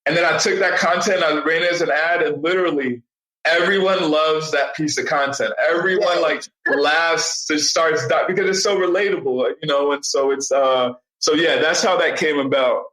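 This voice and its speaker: A young man chats as a podcast guest, his voice bright and forceful and sitting a bit high. He tells stories lively and acts out what people said. The room around him rings with echo. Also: moderate pace. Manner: animated storyteller, acts out quotes. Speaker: podcast guest, digital marketing strategist. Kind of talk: casual interview storytelling.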